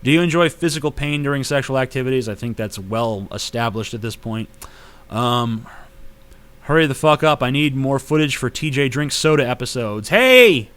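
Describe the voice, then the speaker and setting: A man in his late twenties answers viewer questions in a casual vlog. His pitch sits in the ordinary middle range for a man. He talks bluntly and swears freely, sliding into heated rants. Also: brisk. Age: late 20s. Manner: blunt, profane, ranting.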